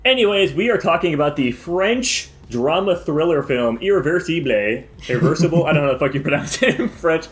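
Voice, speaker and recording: A man's voice: a little high, expressive, a little fast, hardly any pauses. A man co-hosting a podcast, summing up a movie in a rambling, profane way and tripping over his words. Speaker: podcast co-host. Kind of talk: casual movie review chat.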